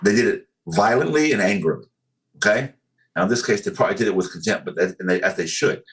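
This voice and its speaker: A man's voice: on the low side, expressive, fast, fairly bright tone, low-quality recording. A man talking earnestly as a podcast guest, building his point with analogies and many fillers. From United States. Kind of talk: casual podcast conversation.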